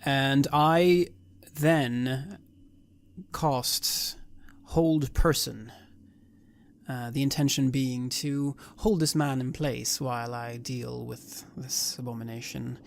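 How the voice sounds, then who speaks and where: A man playing a cleric in a tabletop game, talking in a measured, solemn way with some restarts. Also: medium pitch, fairly even intonation, vocal fry. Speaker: player voicing a cleric. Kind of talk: tabletop role-play, in and out of character.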